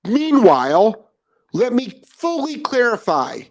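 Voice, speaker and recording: A middle-aged man hosting a live dog training show, ranting with profanity and repetition, then chatting more calmly with viewers. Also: extremely high pitch, slow. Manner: calmer chatty greeting of commenters. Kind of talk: ranting live stream monologue.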